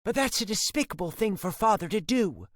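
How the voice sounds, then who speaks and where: A man narrating an audiobook, voicing a distraught middle-aged mother in a high, strained, pleading voice. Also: very animated, brisk, no room sound, studio quality. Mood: shocked.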